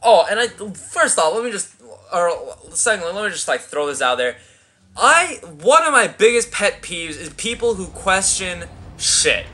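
A man's voice: high-pitched, sing-song, normal speed, pushed and bright. A young man giving rambling, crude, profanity-heavy commentary over a video game playthrough. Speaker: gameplay commentator. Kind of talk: let's play commentary.

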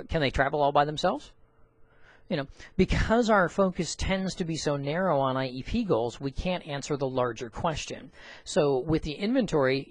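A man's voice: mid-range voice, no echo. A man who teaches orientation and mobility explains an assessment tool in a loose, rambling way, with many fillers and restarts. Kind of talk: screen-recorded software walkthrough.

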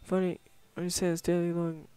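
A man's voice: high-pitched, monotone, a little fast, warm tone, smooth. A young man playing a game at home, casually reading its text aloud and swearing now and then. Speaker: gamer. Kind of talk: casual let's play commentary.

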